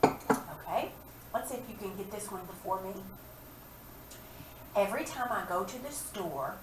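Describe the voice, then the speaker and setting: The recording is very noisy and echoey, with the woman far from the mic. In an expressive mid-range voice, she teaches kids phonics, going slowly and patiently while drawing out words and sounds.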